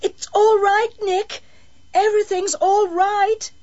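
A woman's voice: high-pitched, sing-song, normal speed, dull audio, pitched above the performer's own voice. A woman voicing a frantic, pleading woman. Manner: pleading, desperate shouting. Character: frantic grown woman trying to save a boy.

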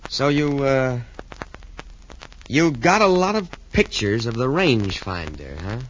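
Young hero, defiant and cagey; lively delivery, dull old radio sound. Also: male voice, medium pitch, measured pace, a little hiss or hum. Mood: sly. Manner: defiant, then cagey and stalling. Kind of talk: 1940s radio acting. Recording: muffled old radio recording.

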